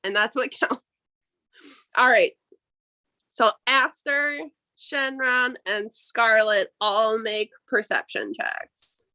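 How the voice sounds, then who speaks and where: A woman game master guides her players through a tabletop session with slow, easy pacing and a bright, clear tone. Her voice sits a little high, and she slips into giggles between calls for dice rolls. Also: rough recording. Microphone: online call audio.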